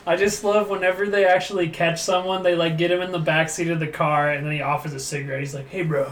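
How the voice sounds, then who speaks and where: A young man telling stories in relaxed, profane chat among friends. His voice sits high for a man. He sounds far from the mic in a roomy space with faint noise behind. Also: fast. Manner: laid-back, profane storytelling. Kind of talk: casual chat.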